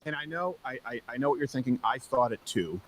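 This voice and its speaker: A man's voice: medium pitch, lively intonation, fairly quick. A man hosting a political commentary show, speaking emphatically in scripted narration and putting rhetorical questions to his audience.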